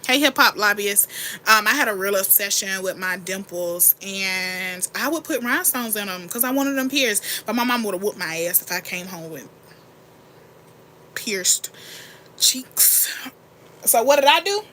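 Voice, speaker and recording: A young woman hosting a casual get-ready-with-me livestream, chatting candidly and answering her chat in a rambling, animated way. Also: medium pitch, measured pace, slight background noise. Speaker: livestream host.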